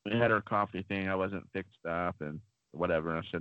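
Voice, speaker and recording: A man's voice: low voice, fairly even intonation, a little fast, no echo. A man co-hosting a podcast, telling rambling stories in a chatty way with lots of fillers. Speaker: podcast co-host. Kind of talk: casual podcast storytelling. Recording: dull lo-fi dry sound.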